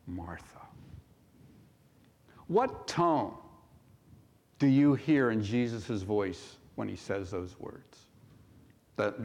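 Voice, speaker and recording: A male pastor preaching a sermon in a church, measured and full of rhetorical questions. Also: medium pitch. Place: church sanctuary. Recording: long hall reverb.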